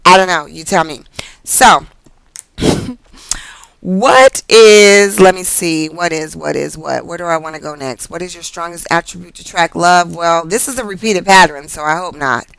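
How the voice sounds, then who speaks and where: A woman's voice: on the low side, moderate pace, creaky, fairly bright tone, smooth, no echo, poor audio. A woman reading tarot cards in a casual, rambling vlog, chatty and profane, laughing often and drifting off topic. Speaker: tarot card reader.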